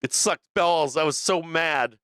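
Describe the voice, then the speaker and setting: A man's voice: fairly high pitch, a little slow, a bit bright, clear, resonant tone. Brash, swearing man calling live trades. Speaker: stock market livestream host. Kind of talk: profane live trading commentary.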